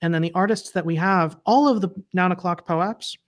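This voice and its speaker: A woman's voice: fairly low pitch, normal speed. A woman guest on a livestream interview, chatting casually and laughing often as she explains things.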